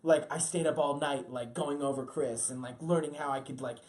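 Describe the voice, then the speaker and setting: A man's voice: on the high side, steady tone, brisk. A man chatting animatedly as a guest voice actor on a podcast, with many fillers. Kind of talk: casual podcast chat.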